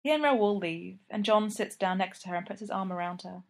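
A woman reads a story aloud in a calm, even narrating voice. She keeps a steady, unhurried pace. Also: mid-range voice, creaky. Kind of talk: fan fiction reading.

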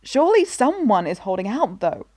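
A woman's voice: fairly high pitch, lively intonation, unhurried, dry recording, clean studio sound, pitched above the performer's own voice. A woman voicing an anguished, strong-willed queen who speaks urgently. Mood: indignant.

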